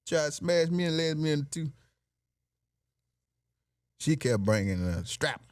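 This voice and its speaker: A man's voice: on the high side, sing-song, takes it slowly, no room sound. A man hosting a podcast, delivering a brash, joking monologue in with lots of laughing asides. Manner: brash, joking, laughs at his own bits. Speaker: podcast host. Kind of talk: casual comedic monologue.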